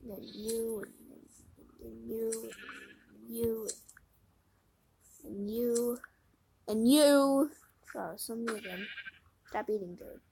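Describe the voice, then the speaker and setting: A woman giving casual let's-play commentary, mumbling to herself while playing, with sudden loud dramatic outbursts, recorded on a phone microphone. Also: on the high side, slow, vocal fry, pauses often, slight background noise. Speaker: game video creator. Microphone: phone microphone during screen recording.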